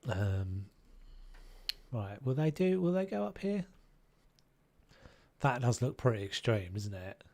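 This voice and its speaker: A man's voice: medium pitch, sing-song, slow pace, pauses often, a little mellow. A man casually chatting and musing aloud while live-streaming a game, now and then humming tunes.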